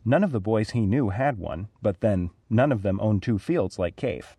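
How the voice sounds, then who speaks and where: Low-voiced man reading a storybook. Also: normal speed, no echo. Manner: clear, even read-aloud delivery. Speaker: narrator.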